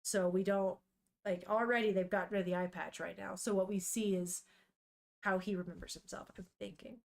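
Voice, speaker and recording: A woman streamer talks through a manga in loose, animated chat, thinking out loud and swearing as she goes. Her pitch sits in the middle range for a woman. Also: a little fast, vocal fry. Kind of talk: casual chat.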